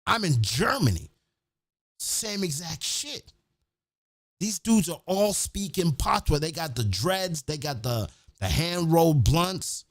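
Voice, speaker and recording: Profane, animated man telling stories. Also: on the high side, slow, dry recording, studio quality. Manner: profane, animated, acts out quotes. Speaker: podcast host. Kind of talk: casual storytelling.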